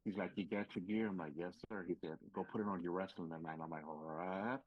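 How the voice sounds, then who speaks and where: A man's voice: sits low, quick pace, no room sound. A man, a pro wrestler guest on a podcast, telling stories animatedly and acting out what people said, with casual swearing. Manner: animated storyteller who acts out quotes, swears casually. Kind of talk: casual storytelling interview. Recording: slightly dull lo-fi podcast audio.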